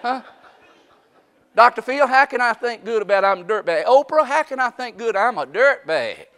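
High-voiced preacher in an echoing hall. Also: male voice, lively intonation, normal speed. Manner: dramatic, swings from shouting to hushed, mocking asides. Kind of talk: sermon.

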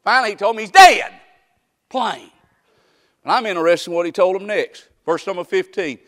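Male preacher, high bright tenor, homespun sermon with shouted peaks. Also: animated, moderate pace. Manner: folksy Southern preaching, rising to shouts.

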